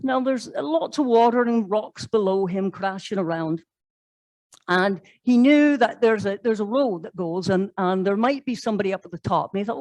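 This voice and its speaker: A woman's voice: mid-range voice, lively intonation, moderate pace, darkish tone, no echo, poor audio. A woman pastor, preaching a sermon in a conversational way, telling stories and asking rhetorical questions. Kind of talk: sermon storytelling. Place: church.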